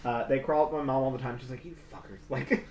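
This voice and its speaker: A man's voice: medium pitch, steady tone, fast, a little mellow, reverberant. A man in his twenties co-hosting a casual podcast, rambling and laughing often as he tells stories. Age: 20s. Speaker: podcast co-host. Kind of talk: casual chat with ad reads.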